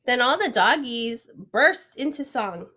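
A woman reading a children's picture book aloud, expressive, sometimes stopping to ask the listening child a question. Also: fairly high pitch, measured pace. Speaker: storyteller. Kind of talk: children's storybook read-aloud.

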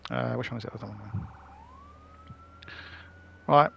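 Streaming a driving game, a man swaps casual, joking talk with friends and curses along the way. His medium-pitched voice has vocal fry and a darkish tone, while the audio is dull with a little hiss or hum.

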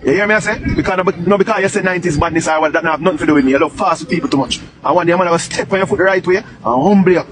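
On a live stream, a Jamaican man rants rapidly, hurling repeated taunts and demands. His voice is a bit high for a man, and loud traffic and passing vehicles rumble beneath him.

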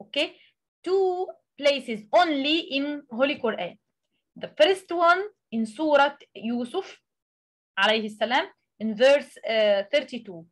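A woman who speaks Arabic natively, teaching a tajweed lesson in English, explaining with many pauses and reciting examples. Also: high voice, lively intonation. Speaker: Quran recitation tutor.

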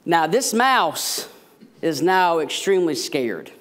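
Male pastor, lively storytelling sermon, slightly high voice, self-deprecating humor. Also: slow pace. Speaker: associate pastor.

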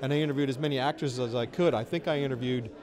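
A man's voice: mid-range voice, racing, a crowd in the background. A middle-aged man in a casual interview, telling stories in a chatty, wry and self-deprecating way. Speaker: interviewee, filmmaker. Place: outdoors at a festival.

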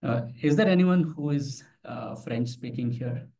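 A man presents a live tech demo at a meetup, his voice in the middle pitch range. He talks casually, tells stories and puts questions to the audience. The voice comes from some distance off the microphone in an office meeting room. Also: measured pace, mellow. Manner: conversational, tells anecdotes, asks the audience questions. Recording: voice from far off the mic.

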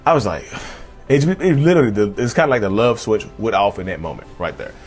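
A man's voice: on the low side, lively intonation, a little fast, husky, soft background music. A man in his thirties telling his own life story to camera in a candid, confessional way, often calling his viewers y'all. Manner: candid, addresses viewers as y'all, frequent restarts.

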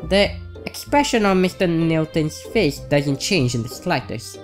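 Low-voiced woman reading a game aloud. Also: very animated, unhurried, a little mellow, soft background music. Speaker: let's play host. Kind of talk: reading a visual novel aloud.

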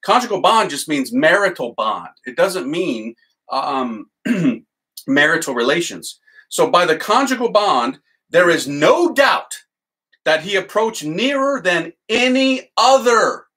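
A man, a priest, teaching with excited enthusiasm and leading a chanted litany. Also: sits high, low-quality recording.

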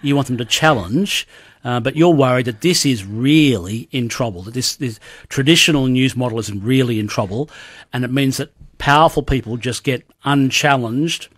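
A man's voice: mid-range voice, moderate pace, no room sound. An Australian man hosting a radio interview, probing with prompting questions. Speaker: radio host.

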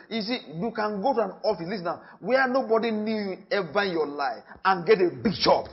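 A man with a Nigerian accent preaching a sermon in church. He talks with emphasis, repeats his phrases and swings from loud to hushed. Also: sits high, quick pace, creaky, few pauses, muffled recording. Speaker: pastor.

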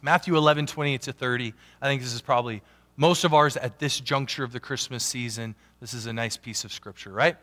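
A man preaching a sermon as a pastor, animated, swinging from loud emphatic peaks down to quiet asides. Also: medium pitch, a little fast. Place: church sanctuary. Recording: long church hall reverb.

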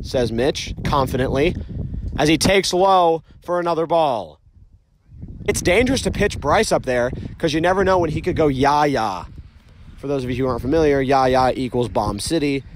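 A young man giving casual, joking play-by-play commentary outdoors at a backyard game, getting excitable and shouting on big hits. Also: medium pitch, a little hiss or hum. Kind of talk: casual amateur sports commentary. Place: outdoors at a backyard ball field.

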